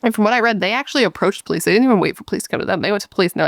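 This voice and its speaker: A woman's voice: mid-range voice, very fast, dry recording, studio quality. A woman hosting a true crime show, telling the case in a casual, blunt way and swearing freely. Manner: chatty, blunt, swears freely, retells dialogue conversationally. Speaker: true crime podcast host.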